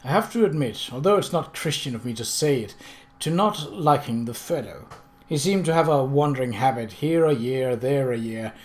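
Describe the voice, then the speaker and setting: A man's voice: mid-range voice, expressive, moderate pace, lightly acted. A man voicing a reserved village vicar who speaks with hesitant, mild reluctance. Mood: reluctant.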